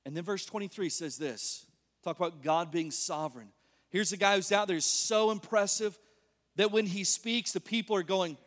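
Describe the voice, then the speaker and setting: A man preaching an animated sermon as pastor, joking and asking the congregation questions. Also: high-pitched, moderate pace. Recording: long reverb of a large hall.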